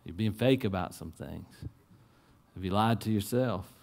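A man preaching a sermon in a church, earnest, dropping to soft low asides and rising to urgent appeals. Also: unhurried, vocal fry. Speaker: pastor.

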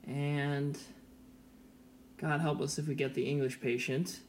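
A man's voice: a little high, level tone, slow pace, a little hiss or hum. A man co-hosting a podcast in casual chat, easygoing and wry, chuckling often. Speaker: podcast co-host.

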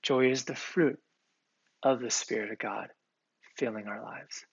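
A man's voice: medium pitch, steady tone, measured pace, vocal fry, husky, no echo. A male pastor delivering a sermon in an earnest, conversational way, with occasional fillers. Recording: slightly muffled, dry recording.

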